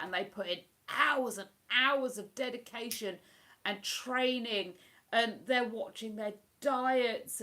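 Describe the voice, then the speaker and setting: A woman's voice: mid-range voice, sharp tone. A British woman hosting a livestream, chatting casually and enthusiastically in a rambling way. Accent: British English. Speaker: livestream host. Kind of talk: casual chat.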